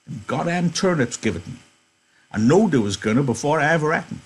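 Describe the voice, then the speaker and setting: A man's voice: expressive, brisk, slightly rough. A man voicing a frail, timid old male ranch worker who stammers and pleads, reading a novel aloud in class. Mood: complaining. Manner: high, quavering, stammering old voice.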